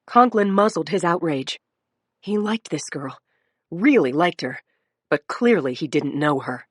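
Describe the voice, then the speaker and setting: A woman's voice: sits low, animated, unhurried, no room sound, clean studio sound. A woman reading a crime audiobook in a dramatic narration style. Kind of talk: scripted narration.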